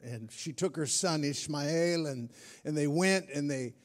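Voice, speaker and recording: Pastor preaching in a reverberant hall. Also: male voice, on the high side, unhurried. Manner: storytelling, animated, acts out his own panic. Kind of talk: sermon. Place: large church hall.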